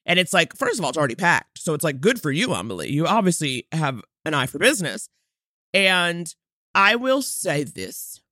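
A woman's voice: low-pitched, big pitch swings, moderate pace, bright, forceful tone, dry recording, clean studio sound. A woman co-hosting a podcast, reviewing a TV movie in a casual, emphatic and opinionated way. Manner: emphatic and opinionated, mock-quoting characters. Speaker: podcast co-host.

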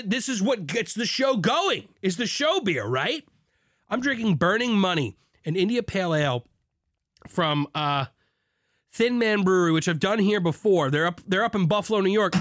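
A man hosting a beer podcast alone, drinking as he talks, hyped and swearing, swinging between shouted zeal and low asides. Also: animated, moderate pace, dry recording, studio quality. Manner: swears, mock preacher zeal. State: drinking beer while talking. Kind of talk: excited solo podcast monologue.

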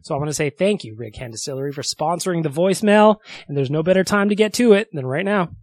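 A man's voice: fairly high pitch, expressive, quick pace. Chatty upbeat male podcast host. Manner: chatty, upbeat, laughs often. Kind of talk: casual solo podcast talk.

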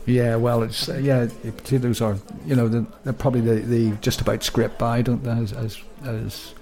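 A man's voice: medium pitch, flat delivery, normal speed, warm tone. Rambling British man, easygoing chat. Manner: rambling, hesitant, with frequent restarts and laughs. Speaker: podcast co-host. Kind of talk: casual chat.

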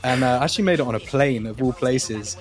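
A man's voice: medium pitch, fast talker. Male producer guest, casual storytelling, loose and hesitant, light music bed. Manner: relaxed, rambling, hesitant with ums. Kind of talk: casual interview chat.

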